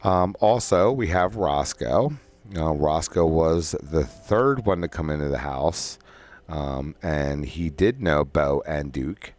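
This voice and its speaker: A man's voice: very deep voice, lively intonation, slow pace, darkish tone. A man talking casually and at length about his everyday life, rambling with frequent ums and restarts, and he has the hiccups. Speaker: podcast host. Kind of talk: casual personal monologue.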